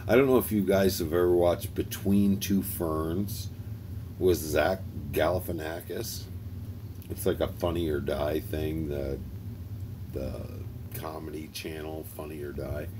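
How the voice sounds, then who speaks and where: Older male streamer, deep and slow, rambling and chuckly; faint noise in the room. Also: fairly even intonation. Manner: rambling, laughs often, talks to chat by name. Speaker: livestream host. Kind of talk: casual chat with viewers.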